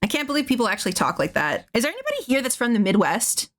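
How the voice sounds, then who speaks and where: A woman's voice: a little high, wildly swooping pitch, very fast, fairly bright tone. A woman streaming casually, rambling and laughing often as she draws and chats. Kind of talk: casual chat while drawing.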